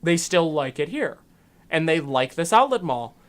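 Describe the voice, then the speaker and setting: A man's voice: on the high side, big pitch swings, moderate pace. A man, co-hosting a casual chat and rambling with many ums and restarts. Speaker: podcast co-host.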